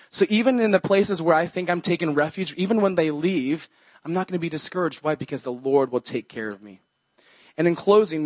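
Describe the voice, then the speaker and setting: A young male pastor preaches in an earnest, conversational manner and weaves scripture quotes into his talk. His voice sits a little high for a man, and the recording is dry and close. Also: dry recording. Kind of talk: sermon.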